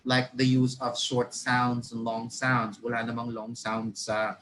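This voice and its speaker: A man's voice: mid-range voice, monotone, unhurried, fairly bright tone, slight background noise, poor audio. Filipino man giving an online teacher lecture. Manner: switches freely between Tagalog and English, restarting words; polite, checks in with listeners often. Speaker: webinar speaker on reading instruction.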